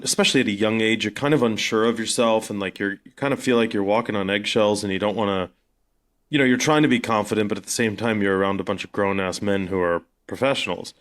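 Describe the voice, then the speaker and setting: Low-pitched guy from south africa, podcast co-host, chatty rambling stories with lots of "like". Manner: rambling storyteller, many fillers. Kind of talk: casual podcast chat.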